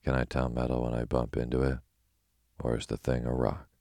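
A deep-voiced man reading a brisk yellow hen. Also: vocal fry, dry recording, clean studio sound. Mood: matter-of-fact. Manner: calm, gently read in a sleepy storytelling voice. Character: brisk matter-of-fact yellow hen, female. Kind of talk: bedtime story reading.

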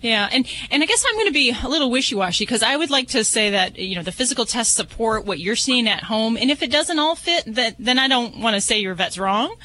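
A woman's voice: a little high, animated, fairly quick, few pauses, bright, forceful tone, poor audio. Chatty woman vet with hesitant ums. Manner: chatty, hedging, many ums. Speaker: veterinarian guest. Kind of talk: radio call-in advice.

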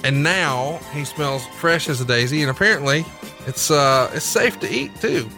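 A man's voice: fairly high pitch, animated, normal speed, music in the background. A man co-hosting a podcast, trading jokes in casual chat and reading an ad in a brash, wisecracking way. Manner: brash, joking ad read. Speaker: podcast co-host.

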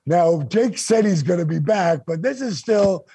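A man with a deeply raspy, gravelly voice spins a lively story, jumping up in pitch when he quotes people. He sits fairly high for a man and sounds close and dry on the mic. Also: unhurried. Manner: animated, acts out quotes with big pitch jumps. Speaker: guest storyteller. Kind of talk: casual storytelling chat.

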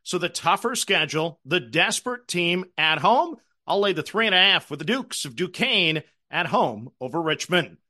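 A man's voice: high-pitched, expressive, normal speed, few pauses, sharp tone. A middle-aged man hosting a sports betting show, telling chatty, self-deprecating stories as he recaps losses and gives new picks.

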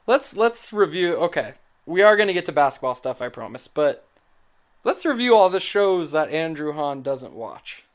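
A young man hosting a casual sports chat, teasing his co-host with quick laughs. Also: fairly high pitch, sing-song. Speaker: podcast host.

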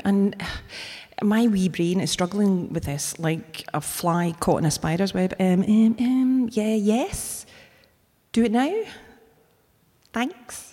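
A woman's voice: mid-range voice, slow, dark tone. A woman recounts a personal story live before an audience. Her humour is wry and turned on herself. Her mid-range voice rings out in a hall with a long, lingering reverb. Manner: wry, self-mocking humour. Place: theatre stage before an audience.

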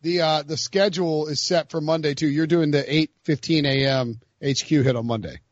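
A man's voice: on the high side, fairly even intonation, moderate pace, dry recording, highs cut off. A man hosting a casual sports podcast, rambling and stumbling over his words. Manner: rambling, self-interrupting. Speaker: podcast host.

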